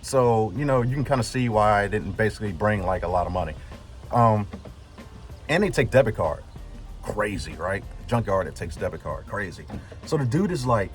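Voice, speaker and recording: A man's voice: on the low side, normal speed, soft background music. A man telling a story casually as a vlogger, rambling with lots of fillers and acting out what people said. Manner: rambling, full of "like" fillers, retells dialogue. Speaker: vlogger, truck builder.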